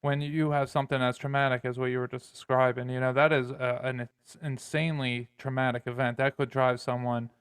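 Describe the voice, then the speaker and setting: A man hosting a podcast, talking in a reflective, measured way. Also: mid-range voice, level tone, smooth, no room sound, clean studio sound. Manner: reflective, measured, uses plain sayings. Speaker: podcast host. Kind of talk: casual conversation.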